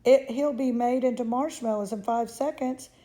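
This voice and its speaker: A woman voicing a frantic, shrieking middle-aged mother with a shrill, hysterical manner. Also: takes it slowly, gravelly, mellow.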